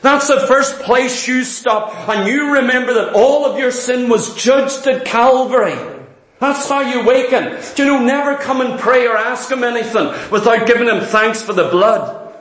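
A man with a Northern English accent preaching a sermon, fervent and quick, firing rhetorical questions at his listeners. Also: very high voice, fairly bright tone, reverberant.

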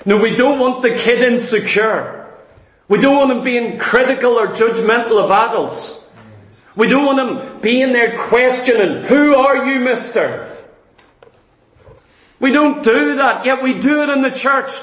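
High-voiced preacher with echoing rhetorical questions. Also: male voice, moderate pace, a bit bright. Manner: emphatic, asks and answers his own rhetorical questions. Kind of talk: sermon.

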